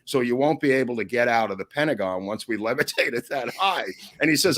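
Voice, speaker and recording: A man telling stories as an interview guest, animated and often laughing mid-sentence. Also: mid-range voice, a little fast, a little hiss or hum. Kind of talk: storytelling anecdotes in an interview.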